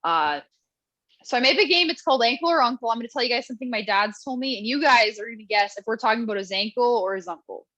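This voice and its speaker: A woman's voice: fairly high pitch, animated, fast talker, a bit bright, no echo, muffled recording. A young woman from Canada doing a chatty stand-up set over a video call, with ironic asides. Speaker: stand-up comedian.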